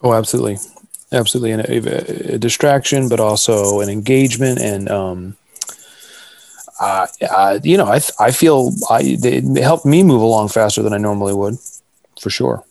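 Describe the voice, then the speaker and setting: A man's voice: on the low side, moderate pace, creaky, darkish tone, dry recording. A man in casual conversation, chatty and self-deprecating, with frequent restarts. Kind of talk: casual chat.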